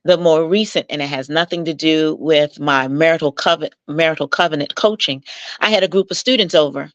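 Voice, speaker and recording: Appearing as an interview guest, a marital coach tells animated, persuasive stories from her work, voicing the people she quotes with jumps in pitch. Her tone is warm and mentoring, her pace brisk. The recording has no echo, and its highs are cut off.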